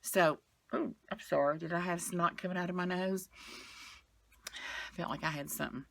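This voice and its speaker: A woman's voice: on the low side, fairly even intonation, moderate pace, gravelly, a bit bright, a little hiss or hum. A middle-aged woman, vlogging from her bed in a frank, rambling chat that trails off and comes back with sighs. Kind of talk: casual chatty vlog. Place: bedroom, sitting on the bed.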